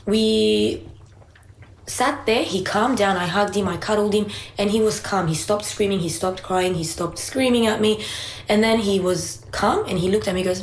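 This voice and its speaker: A woman's voice: mid-range voice, moderate pace, a little hiss or hum. A woman in casual podcast chat, telling a parenting story at length and second-guessing herself as she goes. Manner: chatty, self-questioning storyteller. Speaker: parent sharing experience. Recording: roomy echo.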